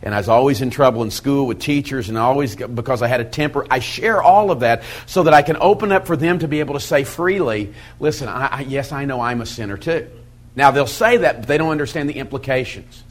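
Man, middle-aged, pastor, sermon-style teaching, folksy, animated, medium pitch. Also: fairly quick. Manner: folksy, animated storytelling with quoted asides. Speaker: pastor teaching a Bible study method.

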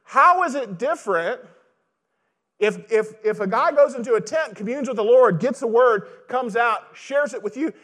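A man's voice: extremely high pitch, moderate pace, hardly any pauses. A man preaching a sermon as pastor, talking conversationally and putting rhetorical questions to the congregation.

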